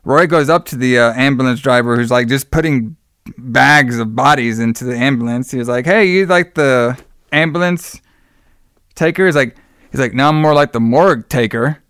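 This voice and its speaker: A young man chats casually on a podcast, recapping a film scene by scene and slipping into the characters' voices as he goes. His voice sounds smooth and clear. The room sounds dry and close. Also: medium pitch, fairly quick, no echo. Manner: animated storytelling, acts out characters' lines. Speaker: podcast co-host recapping a movie. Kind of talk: casual chat.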